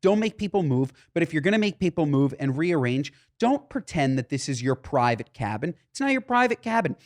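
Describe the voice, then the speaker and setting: A man co-hosting a podcast, telling an animated, ranting anecdote in casual chat. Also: on the high side, fairly quick. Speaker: podcast co-host.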